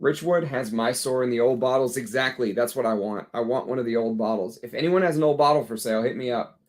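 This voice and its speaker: Man, Texas accent, tired, blunt, casual livestream chat, mid-pitched voice. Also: fast. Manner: chatty, blunt, reads out chat comments. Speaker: fragrance livestream host.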